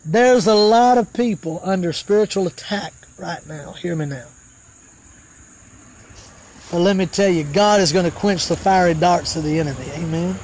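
A man preaching a live sermon fervently, rising to shouts and dropping to murmured praise in between. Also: high-pitched, a little hiss or hum.

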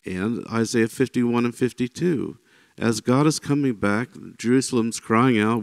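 Guy doing a casual bible teaching, kinda gravelly, dry close sound, keeps saying right? and you know. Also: medium pitch, measured pace, dry recording. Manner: conversational, often checks in with "right?" and "you know"; animated when voicing quoted speakers.

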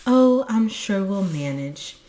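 Kindly storybook mother troll, polite but hurried, a woman reader doing the voice. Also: medium pitch, animated, dark tone, reverberant, voice pushed up. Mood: gentle. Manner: polite, motherly, briskly eager.

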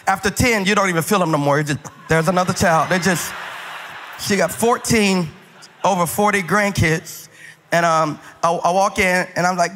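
A man with a high, bright voice and a speech impediment preaches a lively sermon, mixing comic stories with calls to the crowd. He talks straight to the people in front of him. His voice carries a long reverb from a large church auditorium. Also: normal speed. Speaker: pastor.

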